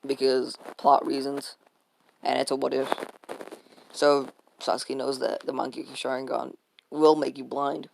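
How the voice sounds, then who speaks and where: A man's voice: mid-range voice, monotone, unhurried, gravelly, slight background noise. A man casually retelling a fan-made story, rambling along with lots of fillers, restarts and swearing.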